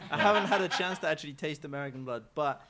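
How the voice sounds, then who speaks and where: A man with an English accent, a guest chatting casually on a talk show in a relaxed, playful way with frequent hesitations. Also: a little high, rapid-fire, a loud crowd. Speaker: studio guest.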